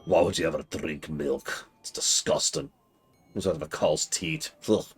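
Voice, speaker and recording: A man voicing a gruff male dwarf in a put-on fantasy dwarven accent, scolding with indignant questions. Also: very deep voice, sing-song, normal speed, heavily acted. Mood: disgusted.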